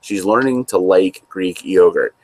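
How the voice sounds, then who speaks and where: A man with a very low, deep voice talks through a casual chat. He co-hosts in an easygoing, rambling manner. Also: a little slow. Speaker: co-host.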